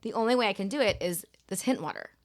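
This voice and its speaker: A woman's voice: medium pitch, lively intonation. A woman in her forties, a podcast guest who chats casually and fills her talk with "like". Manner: quick and chatty, lots of "like". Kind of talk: casual chat.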